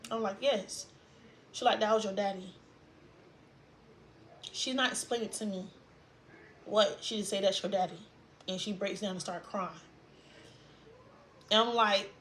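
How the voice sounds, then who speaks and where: A young woman telling a painful personal story in a vlog, halting and trailing off as she fights tears. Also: mid-range voice, steady tone, a bit bright, a little hiss or hum. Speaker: vlogger.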